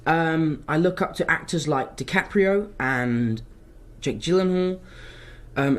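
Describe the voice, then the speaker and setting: A young man, an actor answering fan questions in a casual live Q&A, telling stories with self-mocking asides. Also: a little high. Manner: animated, chatty storytelling, self-mocking asides.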